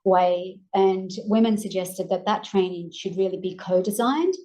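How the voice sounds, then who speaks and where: A woman with an Australian accent presenting research findings in a measured way with frequent ums, her voice going hoarse. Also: medium pitch, steady tone, dark tone, rough recording. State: losing her voice. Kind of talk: academic presentation.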